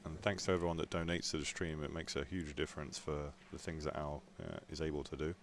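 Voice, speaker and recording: A man commentating a pool match in a relaxed, analytical way. His voice sits very low. A faint background hum runs under the commentary. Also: fast talker. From Scotland. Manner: chatty, analytical, jokes around. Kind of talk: live sports commentary.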